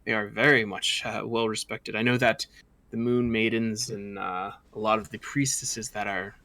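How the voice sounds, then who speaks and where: A man's voice: on the low side, normal speed, no room sound. A man voicing a jolly, proud middle-aged king who gushes over his guests. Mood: courtly. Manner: gushing, excitable.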